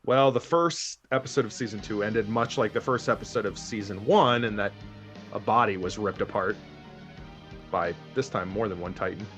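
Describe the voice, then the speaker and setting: A man's voice: fairly low pitch, normal speed, long pauses, a bit bright, soft background music. Chatty man reacting to an anime. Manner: chatty, thinks aloud, laughs often. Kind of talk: casual reaction commentary.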